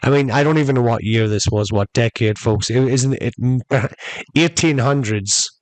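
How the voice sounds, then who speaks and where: A man's voice: mid-range voice, normal speed, dry recording, poor audio. A man hosting a podcast, telling a long story in a rambling, chatty way and calling his listeners folks. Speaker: podcast host. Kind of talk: casual storytelling monologue.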